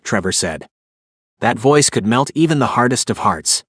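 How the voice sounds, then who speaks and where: A man narrating a first-person audiobook in an even, measured way. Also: lowish voice, dry recording, studio quality.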